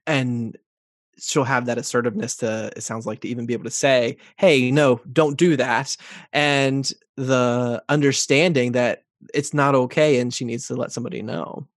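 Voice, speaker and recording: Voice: mid-range voice, fairly even intonation, normal speed, no echo, clean studio sound. A podcast host chatting casually, affirming the guest and telling short anecdotes. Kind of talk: podcast interview conversation.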